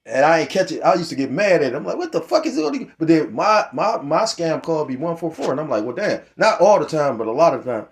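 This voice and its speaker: High-voiced, profane, heated middle-aged man. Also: lively intonation, fast talker, hardly any pauses. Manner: heated, profane, rambling with restarts. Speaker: religious commentator. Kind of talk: casual profane scripture commentary.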